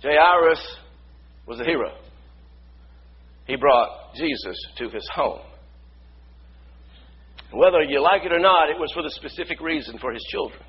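A male pastor preaching a sermon, building from quiet storytelling to shouted praise. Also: a little high, expressive, a little slow, pauses often, lo-fi sound, a little hiss or hum.

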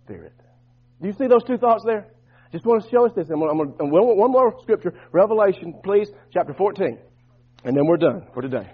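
High-voiced husky preacher man. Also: animated, a little fast, narrow, tinny audio. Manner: preaching, swinging from loud bursts to soft low asides. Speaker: pastor. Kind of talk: sermon.

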